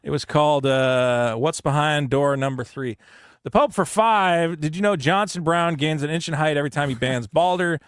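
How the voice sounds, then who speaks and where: A man co-hosting a casual comedy podcast, reading super chats aloud and telling stories loudly with put-on panicked voices. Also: on the high side, normal speed, smooth, no echo, studio quality. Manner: loud, animated storytelling with put-on panicked voices.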